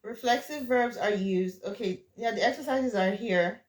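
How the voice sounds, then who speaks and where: Woman tutor, encouraging, quick corrections, echoey room, video call. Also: fairly high pitch. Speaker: French teacher. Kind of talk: online tutoring session.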